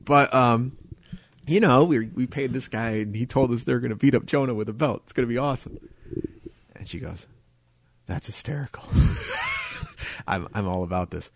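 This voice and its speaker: A man co-hosting a podcast, telling a story in a casual, animated way and acting out what people said. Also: medium pitch, moderate pace, pauses often. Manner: animated, laughing, acts out quotes. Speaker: podcast co-host.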